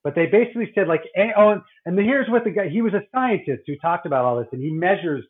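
A middle-aged man who works as a doctor talks in a loose, rambling way, doubling back and restarting his sentences. His voice sits a little high. The sound is thin and boxy, as if it were coming over a phone call. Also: expressive, fast talker. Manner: rambling, many restarts and fillers. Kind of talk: casual podcast chat.

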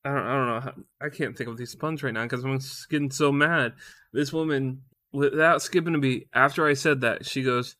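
A man's voice: medium pitch, steady tone, brisk, bright, forceful tone, no room sound. Rambling, cursing man telling a story. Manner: rambling and profane, stumbling over words. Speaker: vlogger. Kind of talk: casual storytime rant.

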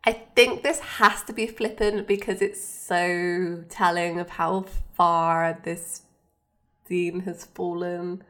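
A woman's voice: lowish voice, steady tone, slow, a bit bright. A woman co-hosting a podcast, recapping a TV episode in a chatty, casual way with lots of fillers. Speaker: podcast co-host.

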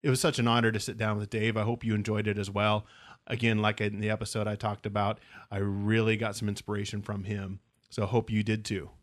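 A man's voice: on the low side, little pitch movement, brisk, no room sound, clean studio sound. A man hosting a podcast, chatting easygoing and appreciative with his guest and signing off to listeners. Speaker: podcast host. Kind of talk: casual interview chat and show sign-off.

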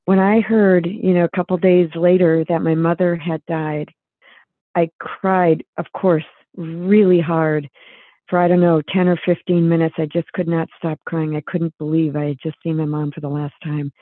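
A woman's voice: low-pitched, flat delivery, moderate pace, no room sound. A woman guest author telling a personal story in an earnest, reflective way, with many restarts, heard over a remote call line. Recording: tinny phone-line sound.

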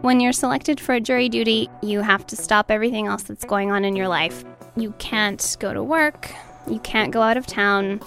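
A woman's voice: medium pitch, fairly even intonation, normal speed, gravelly, fairly bright tone, faint music behind. A woman telling a personal story of being chosen as a juror, in a conversational way. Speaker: juror recounting her story.

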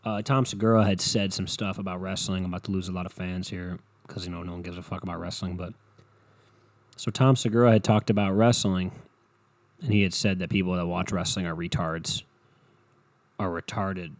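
A man's voice: sits low, brisk, dry recording. A young man rambling through a profane, comedic monologue as a podcast host. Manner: rambling, profane, animated storytelling.

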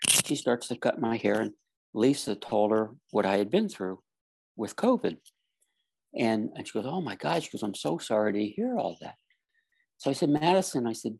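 Gravelly, husky-voiced man telling a story. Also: mid-range voice, darkish tone. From Florida. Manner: earnest storyteller, acts out quoted dialogue. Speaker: guest telling a personal story. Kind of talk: casual storytelling.

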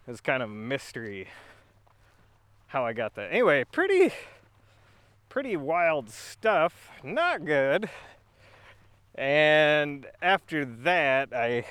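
Goofy rambling man with a lively voice. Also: medium pitch, clean tone, dry recording. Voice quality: goofy, slightly throaty voice. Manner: rambling and goofy, with frequent laughs and restarts. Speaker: video creator. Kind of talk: casual monologue to camera.

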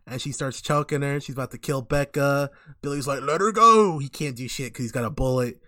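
A man in casual chat, recapping a show as an animated storyteller who laughs a lot and swears often. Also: mid-range voice, brisk, no room sound, clean studio sound.

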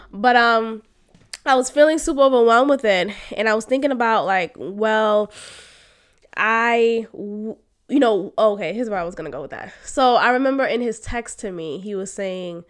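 A woman hosting a podcast, telling a personal story in a frank, emotional way, with slang and sudden loud outbursts. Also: mid-range voice. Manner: emotional, animated, swings to loud exclamations; frank, uses slang and swearing. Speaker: podcast host.

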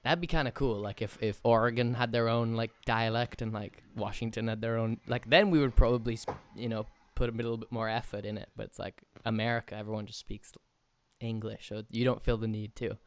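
A young man chatting casually with a friend, relaxed, laughing often and swearing freely. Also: mid-range voice, a little fast. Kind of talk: casual chat.

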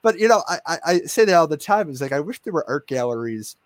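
A man's voice: fairly high pitch, big pitch swings, quick pace, dry recording, clean studio sound. A man hosting a casual interview, chatty, with many fillers and restarts and frequent laughter. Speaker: interview host.

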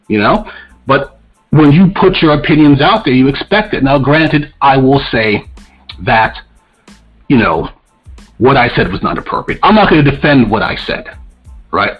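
A man's voice: on the high side, slightly rough, dull audio. A man co-hosting a podcast in casual, opinionated talk, blunt and profane as he rants. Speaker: podcast co-host.

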